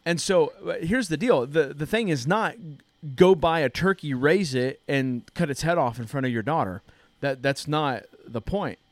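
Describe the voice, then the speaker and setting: A man's voice: fairly high pitch, lively intonation, normal speed, few pauses, no echo. A man in his thirties hosting a church podcast, telling a story in a casual, earnest way. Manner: earnest storytelling, frequent restarts. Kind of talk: casual chat.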